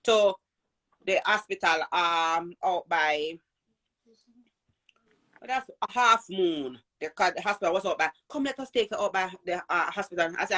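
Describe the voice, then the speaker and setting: A woman with a Jamaican accent telling a personal birth story in an animated way, acting out the voices of people she quotes. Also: lowish voice, unhurried. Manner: animated, acts out quoted voices, repeats and restarts.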